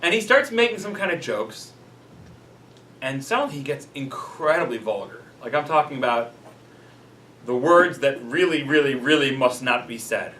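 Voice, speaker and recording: A man's voice: medium pitch, expressive, moderate pace, pushed and bright, slight background noise. A man, a rabbi, teaching a class in a casual, chatty storytelling way, full of "like" and "you know". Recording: roomy echo, mic at a distance.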